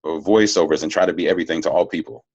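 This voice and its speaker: A man's voice: sits low, steady tone, racing, darkish tone, breathy edge, dry recording, highs cut off. A man who works as a voiceover actor, talking candidly and easygoing as an interview guest, laughing now and then. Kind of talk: casual interview talk.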